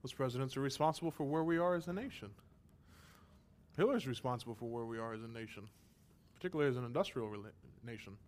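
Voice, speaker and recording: A man's voice: medium pitch, quick pace, darkish tone. A man preaching a sermon as pastor, emphatic and impassioned, asking rhetorical questions, his throat a little strained.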